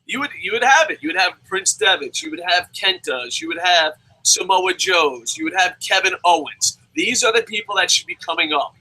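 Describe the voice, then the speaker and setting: A man rants on a wrestling talk show, shouting and swearing as he argues. His voice sits very high, with a piercing, sharp edge. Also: animated, normal speed, few pauses, poor audio. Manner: profane, shouting, ranting. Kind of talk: heated opinion rant.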